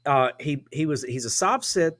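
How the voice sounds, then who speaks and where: A man on a casual talk show, speaking deliberately and emphatically. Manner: deliberate, emphatic, lively pitch. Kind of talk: casual chat.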